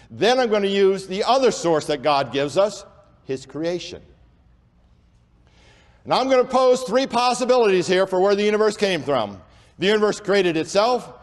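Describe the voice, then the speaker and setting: A man giving an emphatic preaching lecture to an audience, talking in long unbroken runs with few breaths and slowing down on key points. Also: sits high. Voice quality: says he has a speech impediment and talks without pausing for breath. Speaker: creationist speaker. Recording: long hall reverb.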